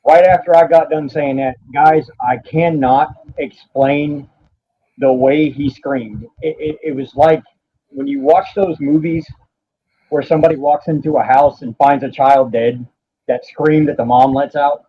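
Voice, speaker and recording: A man, a podcast guest telling a painful personal story in a halting, profane way, stopping now and then to steady himself. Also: on the high side, a little hiss or hum. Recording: dull lo-fi audio.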